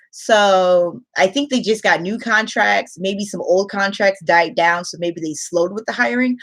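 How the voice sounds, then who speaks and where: A chatty young woman hosts a casual livestream as an online English teacher. She talks loosely and conversationally, greets viewers and answers their comments, and laughs easily between thoughts. Her voice sits at an ordinary middle pitch for a woman. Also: fairly bright tone.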